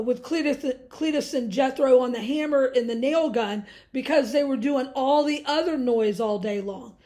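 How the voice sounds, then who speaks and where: A woman's voice: high-pitched, a little mellow. A woman vlogger speaking in a casual monologue to her viewers, rambling and preachy and laughing often.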